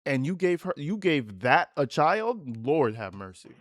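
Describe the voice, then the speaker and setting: A man's voice: on the high side, sing-song, a little slow, no room sound, studio quality. A man hosting a reaction commentary, sarcastic and profane, mocking what he hears with fake tears. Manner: sarcastic, profane, mock-tearful asides. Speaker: commentary host.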